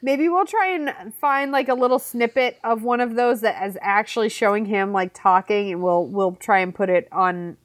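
A woman's voice: medium pitch, moderate pace, hardly any pauses, no room sound. A woman co-hosting a podcast, chatting casually and explaining things to her co-host. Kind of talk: casual chat.

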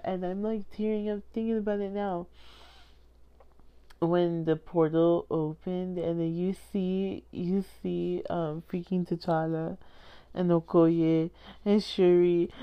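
A woman's voice: deep voice, muffled recording. A young woman giving a casual, rambling movie recap, full of "like" and restarts and often laughing. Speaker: movie reviewer.

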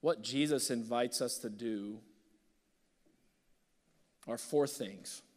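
A man preaches with passion, his voice sitting at an ordinary pitch. He leaps from loud, urgent bursts down to soft, hushed lines. The sound carries a long reverb from a large hall. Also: slow. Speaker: pastor. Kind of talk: sermon.

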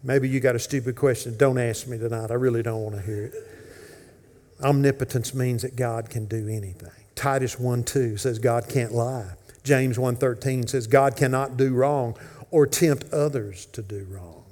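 A man, a pastor, preaching a sermon with dynamic swings from loud emphasis to hushed whispers. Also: medium pitch, steady tone, normal speed, in a large hall. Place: church sanctuary.

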